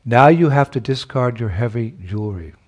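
A man's voice: mid-range voice, lively intonation, moderate pace, close to an everyday voice. A man voicing a stern male boatman who urgently warns his passengers during a storm, in a storytelling sermon. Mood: warning. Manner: urgent, insistent warnings.

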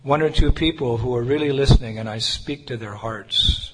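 A man's voice: mid-range voice, normal speed. A man preaching a sermon, telling a personal story in an earnest, conversational way. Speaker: Hare Krishna preacher. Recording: reverberant hall with faint noise.

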